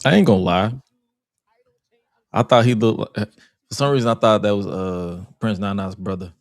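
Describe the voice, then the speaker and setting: A man's voice: fairly low pitch, moderate pace, gravelly, no echo, clean studio sound. A man hosting a wrestling podcast in casual, joking chat, laughing often. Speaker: podcast host.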